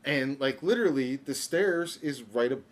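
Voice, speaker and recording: A man's voice: medium pitch, lively intonation, moderate pace. A young man telling a story on a podcast in a rambling way, stumbling and restarting often. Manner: rambling, stammering with many restarts. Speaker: podcast co-host. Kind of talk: casual storytelling.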